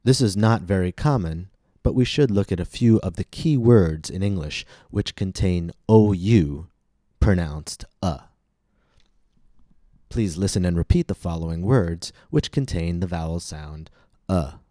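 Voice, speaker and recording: A low, mellow American male voice delivers a scripted pronunciation lesson. He enunciates each word slowly and carefully, leaving pauses for repetition. The sound is dry and close to the mic. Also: lively intonation, dry recording. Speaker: pronunciation teacher.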